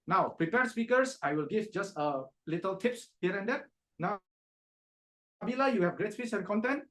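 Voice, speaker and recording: Man with a high voice, a direct speech coach giving feedback over a video call and acting out his examples. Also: expressive, normal speed, fairly bright tone. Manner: direct, demonstrative, acts out examples. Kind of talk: meeting feedback to speakers.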